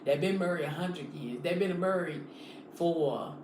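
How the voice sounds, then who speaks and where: A woman's voice: on the low side, a little slow, darkish tone. Woman live-stream preacher, fervent and repetitive, roomy echo, faint hiss. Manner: fervent, repetitive, direct address to viewers. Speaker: online preacher. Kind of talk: live-streamed motivational sermon. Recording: echoey room, faint background noise.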